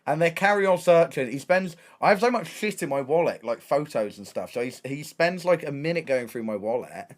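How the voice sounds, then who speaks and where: A young man with an English accent, a streamer telling a story in a casual, excitable way, full of slang and restarts. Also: on the high side, a little fast, few pauses. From England.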